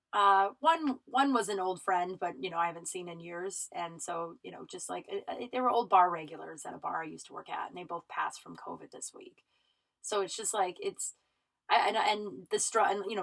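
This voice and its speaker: A woman's voice: fairly low pitch, vocal fry, fairly bright tone, rough recording. A woman hosts her own podcast and tells a personal story. She is teary and sniffling, and she rambles emotionally with many fillers and restarts. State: tearful, runny nose. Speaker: podcast host. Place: home recording room.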